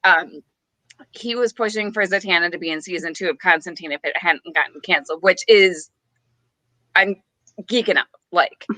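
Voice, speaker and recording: A woman on a podcast, chatting casually and telling an animated story, giggling and acting out the quotes. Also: lowish voice, normal speed, no echo. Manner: giggly, acts out quotes, many restarts. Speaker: podcast co-host.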